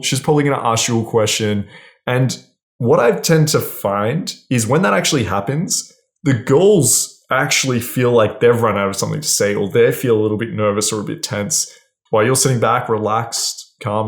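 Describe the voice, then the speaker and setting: A man's voice: medium pitch, a little fast. Blunt, swearing male dating coach. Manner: casual, blunt, swears freely, keeps asking "right?". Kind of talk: direct-to-camera advice.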